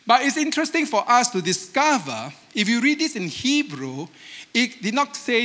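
Animated high-voiced preacher in an echoing hall. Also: male voice, moderate pace. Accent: Asian-accented English. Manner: animated, emphatic, acts out quoted voices. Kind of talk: sermon. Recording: long hall reverb.

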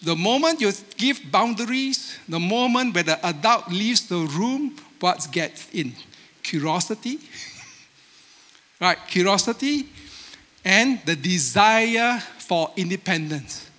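A high, bright male voice preaching with an Asian accent, animated and emphatic. He acts out the voices he quotes with sharp bursts of emphasis. The sound rings through a large hall with long reverb. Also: slow. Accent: Asian-accented English. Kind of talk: sermon.

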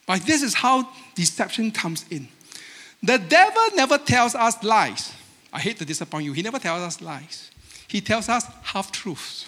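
A high, bright male voice preaching with an Asian accent, animated and emphatic. He acts out the voices he quotes with sharp bursts of emphasis. The sound rings through a large hall with long reverb. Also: moderate pace, slightly rough. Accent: Asian-accented English. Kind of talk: sermon.

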